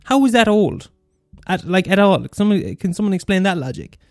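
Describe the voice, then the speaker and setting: A man's voice: sits high, fairly quick, no echo, studio quality. Sweary young Irish man ranting. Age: 20s. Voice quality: sweary, animated rant. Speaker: student radio host. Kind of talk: casual monologue.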